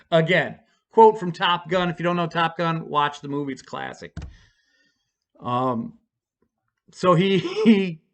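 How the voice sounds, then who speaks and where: Rambling man telling a story, somewhat high voice. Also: vocal fry. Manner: rambling, self-deprecating, halting restarts. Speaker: vlogger telling a personal story. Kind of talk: casual storytelling.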